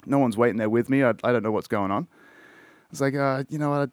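A man's voice: mid-range voice, quick pace, a little mellow, dry recording, clean studio sound. An Australian man telling a rambling, profane story in a casual podcast chat. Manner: profane, rambling, self-interrupting. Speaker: podcast host.

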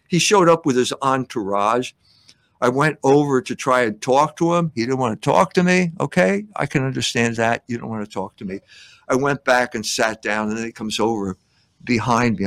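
A man's voice: on the high side, a bit bright, no echo. An older man giving a critical commentary monologue, scolding and sarcastic as he addresses his subject directly.

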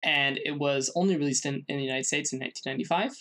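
A man co-hosting a podcast, presenting a researched segment in casual chat, halting with many fillers and restarts. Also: a little high, pushed and bright. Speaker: podcast co-host.

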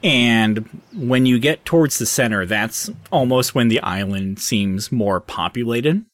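A man narrating a tabletop game as dungeon master, casual and halting with fillers. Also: mid-range voice, dry recording, clean studio sound.

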